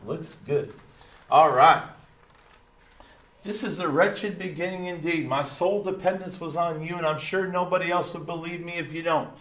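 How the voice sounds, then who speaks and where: A male teacher reading a lesson aloud while voicing a folksy, proud small-town dad with a slow drawl and pet phrases. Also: on the high side, natural voice. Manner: slow Texan drawl, repeating catchphrases. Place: classroom. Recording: roomy echo.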